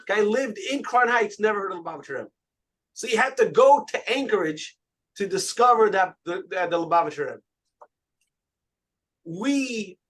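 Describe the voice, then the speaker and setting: A man, a rabbi, giving an animated sermon with stories, often repeating words as he goes. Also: sits high.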